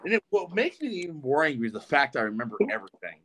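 A man's voice: fairly high pitch, very animated, fast talker, fairly bright tone, slight background noise. A man in his twenties, a podcast guest, telling a rambling, profane story in casual chat. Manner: rambling and profane, with frequent restarts.

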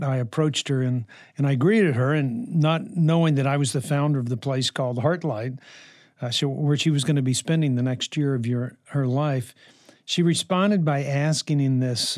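A man's voice: mid-range voice, darkish tone, no room sound, studio quality. A middle-aged man hosting a podcast, giving a devotional talk in a conversational way with many fillers. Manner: conversational, with frequent fillers and restarts. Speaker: podcast host and counselor.

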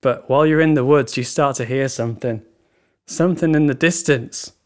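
A man on a podcast telling a drawn-out spooky story in a slow, teasing way. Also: medium pitch, a little mellow. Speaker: podcast co-host. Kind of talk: storytelling in casual chat.

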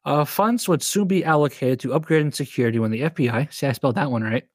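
A man's voice: on the high side, quick pace, dry recording, studio quality. A man hosting a podcast in casual chat, reading out notes, joking, laughing often and swearing. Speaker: podcast host.

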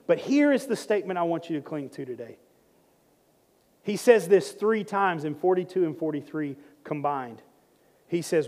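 A male pastor delivers a sermon in a church sanctuary, his voice pitched high for a man. He reads scripture at a slow, deliberate pace and then lifts into emphatic, insistent preaching. A long hall reverb hangs behind every phrase. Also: animated, a little mellow.

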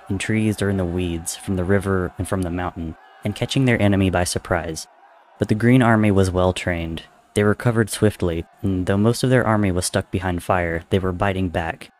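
A man narrating a dramatic story in a steady, measured reading. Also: deep voice, slight background noise.

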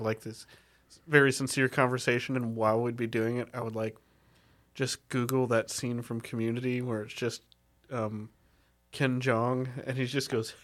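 A man's voice: mid-range voice, fairly bright tone. A man co-hosting a comedy podcast in casual chat, upbeat and laughing often between his words. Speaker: podcast co-host.

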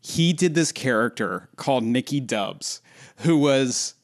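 A man co-hosting a comedy podcast, chatting casually and reacting with quick laughs. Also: mid-range voice, lively intonation. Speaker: comedian and co-host.

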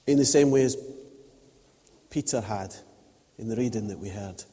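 A man preaching a sermon in a relaxed, storytelling way, acting out little quotes as he goes. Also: fairly low pitch, normal speed, in a large hall. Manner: chatty storytelling with acted-out quotes. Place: church.

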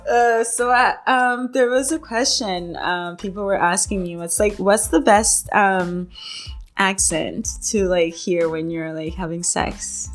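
A woman's voice: medium pitch, steady tone, slow pace, soft background music. A woman guest on a podcast chatting casually, rambling and giggly, full of "like" and "you know". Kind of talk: casual chat. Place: indoors at a home.

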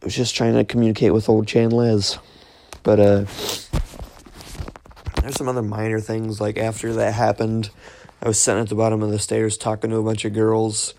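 Gravelly young man rambling through a story. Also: on the low side, monotone, normal speed, long pauses, warm tone, slight background noise. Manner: rambling, many fillers and restarts. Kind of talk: casual storytelling, recounting a dream.

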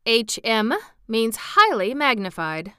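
A woman voicing a pompous, learned male insect gentleman in a storybook reading, wordy and condescending. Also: mid-range voice, animated, moderate pace, smooth, no echo, studio quality. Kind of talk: storybook read-aloud.

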